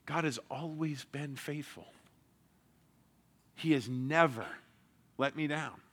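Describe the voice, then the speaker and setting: Bright, earnest male preacher. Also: a little high, takes it slowly, husky. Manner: earnest, drops to hushed emphasis and rises when stressing points. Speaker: pastor. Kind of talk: sermon.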